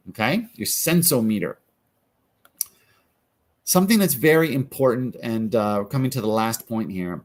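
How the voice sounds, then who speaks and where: A man in the middle of his range, coaching in a calm, guiding manner. He walks listeners through an exercise step by step. He often slips into quoting the questions people ask themselves. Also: medium pitch. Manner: calm, guiding, acts out inner questions in quotes. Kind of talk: guided self-help coaching.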